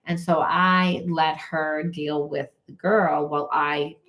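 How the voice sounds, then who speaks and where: Brief: middle-aged woman, spiritual coach, lowish voice, casual blunt storytelling that acts out the voices she quotes. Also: steady tone, slow pace, fairly bright tone.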